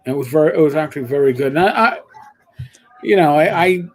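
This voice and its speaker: A man's voice: fairly high pitch, fast talker. Rambling older New man. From New York. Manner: rambling, animated storytelling with restarts. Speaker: co-host. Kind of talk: casual chat.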